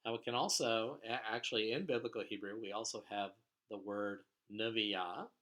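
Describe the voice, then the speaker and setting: This Hebrew teacher has a lowish, steady voice and a normal pace. In his recorded lecture on biblical vocabulary he's patient and explanatory, using many fillers and letting phrases fade off quietly.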